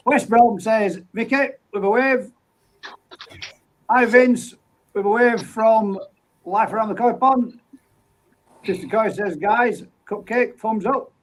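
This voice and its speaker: A man's voice: sits high, slow, pauses often, slight background noise, low-quality recording. A man hosting a casual live stream, reading out viewer comments and greeting each person by name in an easygoing, friendly way. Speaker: livestream host.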